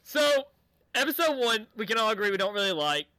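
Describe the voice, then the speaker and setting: A man with a high, bright voice leads a casual review discussion and eagerly defends his views. His voice is close and dry, with no room sound. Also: sing-song, brisk, clear, resonant tone, no echo. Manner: upbeat, defends his opinions.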